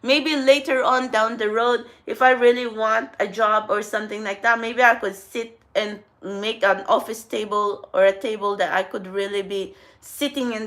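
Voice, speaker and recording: A woman's voice: fairly high pitch, fairly bright tone. Blunt rambling young woman vlogger. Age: young adult. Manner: blunt, rambling, frequent swearing. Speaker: spiritual channel host. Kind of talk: casual get-ready-with-me vlog talk.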